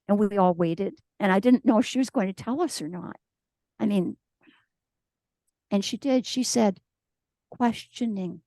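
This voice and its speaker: A woman's voice: mid-range voice, a little slow, long pauses, mellow, no echo. A woman giving a conversational sermon at a church service, telling stories and acting out the voices of the people she quotes. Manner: storytelling, acts out quoted voices. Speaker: guest speaker.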